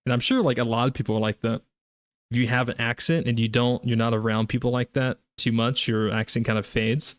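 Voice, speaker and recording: A man's voice: medium pitch, steady tone, a little fast, clean tone, no echo, studio quality. A man with a Southern US accent chatting casually while streaming a game, rambling with lots of fillers and restarts. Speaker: gaming streamer. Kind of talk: casual live-stream chat while gaming.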